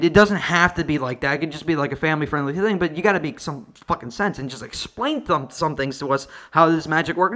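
A man with a high, bright voice riffs through a comedic movie review rant. He talks in a sarcastic, profane, tangent-heavy way. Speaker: online video reviewer.

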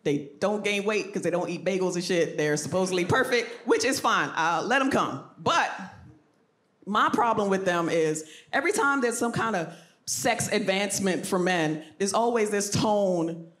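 A woman's voice: medium pitch, lively intonation, normal speed, a bit bright, echoey room. A woman doing stand-up comedy in a blunt, exasperated and profane way. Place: stage before a live audience.

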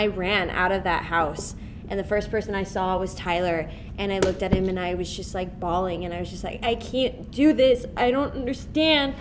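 A young actress chatting and giggling through a convention panel Q&A, with lots of fillers. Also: female voice, mid-range voice, background noise. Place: convention hall.

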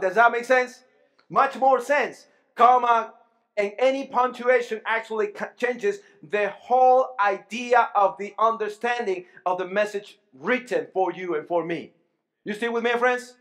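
A man's voice: high voice, moderate pace, fairly bright tone. A man preaching a sermon to his congregation, often asking them questions, repeating and restarting words as he goes. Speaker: pastor. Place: church sanctuary.

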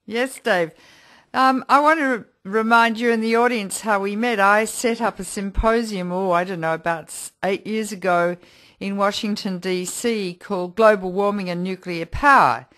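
A woman hosts a radio interview program, her voice sitting at an ordinary middle pitch. She introduces her guest formally and recounts how they met, with a few small restarts. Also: steady tone, moderate pace, fairly bright tone. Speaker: radio show host. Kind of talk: hosted interview.

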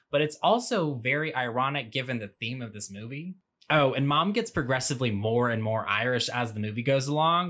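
A man narrating a comedic movie recap in a bright, forceful voice. He drops sarcastic, wry asides as he walks through the plot. The delivery is casual and mocking. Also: medium pitch. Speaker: movie commentary host. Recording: audio glitch.

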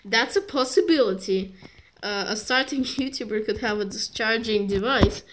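A woman's voice: on the high side, moderate pace, fairly bright tone. A woman reviewing a strategy game in rambling, joking commentary that keeps interrupting itself. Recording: noisy recording with clicks.

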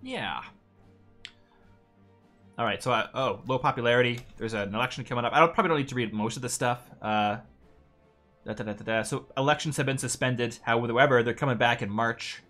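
A man's voice: medium pitch, a little fast, bright, forceful tone, faint music behind. A man streaming a strategy game in casual chat, reading game text aloud, laid-back and swearing freely. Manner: swearing, laid-back, stumbling over names.

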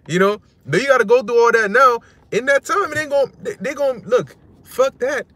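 A man with a notably high voice giving a casual religious talk. He speaks in a slangy, conversational way, dotting his lines with "you know" and quick laughs. The sound is dry and close, with no room around it. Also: bright, forceful tone, no echo. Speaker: religious teacher.

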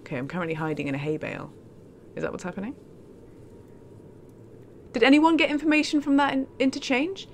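A woman's voice: high voice, fairly quick, long pauses, a little hiss or hum. A woman chatting casually on a live stream as she plays a game, in a self-mocking way.

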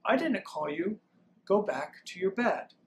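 A kindly old priest, nearly blind, speaks firmly but patiently in a children's storybook, voiced simply by a man. The lines come slowly. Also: sits high, expressive, slight background noise. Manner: firm but kind.

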